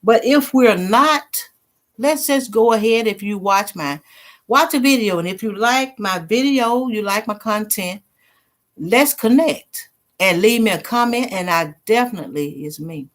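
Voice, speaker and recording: A woman's voice: medium pitch, lively intonation, measured pace, a bit bright. Middle-aged woman with a drawl, hosting a loose, chatty livestream for her viewers. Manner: chatty, laughs easily, reads comments aloud. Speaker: livestream host. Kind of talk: casual live chat with viewers.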